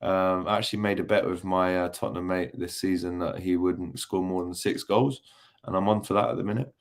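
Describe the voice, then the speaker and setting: A young man hosts a relaxed post-match livestream, reading viewer comments aloud. He talks in a loose, teasing way, full of ums and asides. His voice sits a little low. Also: brisk, creaky. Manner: chatty and jokey, many ums, teasing banter. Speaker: football channel host reading live chat.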